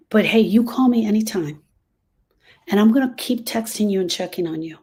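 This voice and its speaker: A woman's voice: medium pitch, moderate pace, darkish tone, husky. A woman hosting a live stream on grief, speaking earnestly and directly to viewers and repeating her key phrases for emphasis. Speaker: grief support host.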